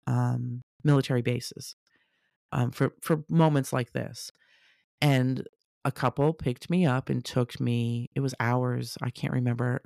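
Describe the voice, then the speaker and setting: A woman's voice: a bass voice, vocal fry, mellow, no echo, studio quality. A woman telling a personal story in a conversational way, reenacting what people said.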